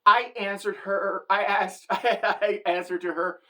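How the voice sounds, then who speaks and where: A woman's voice: mid-range voice, fairly even intonation, slow pace, a bit bright. Middle-aged woman, brash, sassy, chatty, comedic storytelling. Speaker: satirical vlogger.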